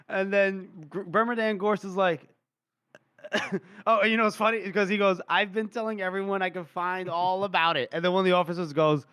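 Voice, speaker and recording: A man's voice: sits high, moderate pace, a bit bright, dry recording, studio quality. A man co-hosting a casual book podcast, acting out characters' lines with lots of laughter. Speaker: podcast co-host. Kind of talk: casual book-discussion chat.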